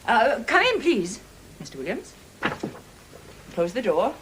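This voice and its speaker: Picture a prim, exasperated hospital administrator. Her voice is mid-pitched but lilts up and down a great deal. A faint room hum sits behind her. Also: wildly swooping pitch, slow, full character voice. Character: prim, flustered woman running a mental hospital. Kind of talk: 1980s sitcom acting.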